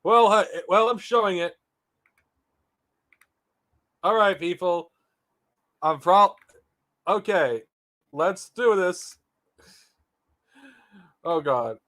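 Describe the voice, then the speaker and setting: A man's voice: sits high, takes it slowly, pauses often, a bit bright. A man streaming casually, profane and incredulous as he reacts to a clip. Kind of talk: casual live stream chat.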